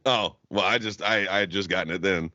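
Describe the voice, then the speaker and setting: Man, podcast co-host, low voice, dry dull lo-fi sound, swears a lot. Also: a little fast, bright, forceful tone, no echo. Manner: profane, laughing, acts out quotes. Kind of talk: casual storytelling chat.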